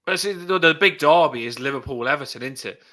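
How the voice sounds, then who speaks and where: A man's voice: on the high side, fairly quick, bright, forceful tone. A man, a guest talking earnestly and enthusiastically about football. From England. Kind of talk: casual conversation.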